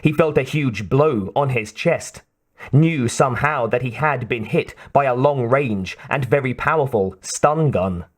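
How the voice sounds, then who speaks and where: Slow, measured male audiobook narrator. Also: mid-range voice, husky.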